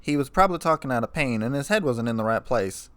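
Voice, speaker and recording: A man reading aloud, voicing a steady, motherly country mare with folksy, drawling speech. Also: mid-range voice, fast talker, no echo, lightly acted. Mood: reassuring.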